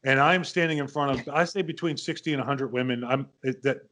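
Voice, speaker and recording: A middle-pitched man in his fifties tells a story as a podcast host, loose and conversational. He circles back, restarts his sentences and voices the other people in the story as he goes. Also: quick pace, a bit bright. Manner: rambling anecdotes with quoted dialogue, frequent restarts. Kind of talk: casual storytelling.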